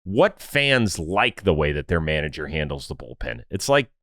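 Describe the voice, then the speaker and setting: A man guesting on a podcast, talking casually and acting out what others said in lowered voices. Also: moderate pace, gravelly, no echo, studio quality. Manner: animated storyteller, acts out quotes in lowered voices. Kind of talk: casual conversation.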